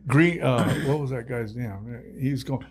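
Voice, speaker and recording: A man in his sixties, a retired fire captain, telling stories in an interview, animated and quick to laugh. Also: medium pitch, husky. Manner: animated storyteller, acts out dialogue, laughs often. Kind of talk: storytelling in a podcast interview.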